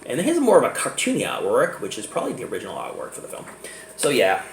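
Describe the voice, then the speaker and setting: A man's voice: medium pitch, huge pitch swings, quick pace, slight background noise. A man giving a casual, rambling movie review, laughing often as he talks. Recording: echoey room.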